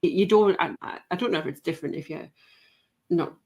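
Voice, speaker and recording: A woman's voice: lowish voice, brisk, darkish tone, husky. Chatty Geordie woman host. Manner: friendly, rambling, laughs easily. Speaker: podcast host. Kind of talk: casual podcast chat.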